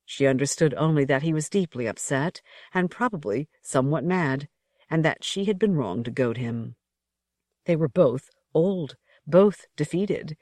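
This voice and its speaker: Audiobook narrator, expressive pitch, measured, dry close sound. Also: no room sound.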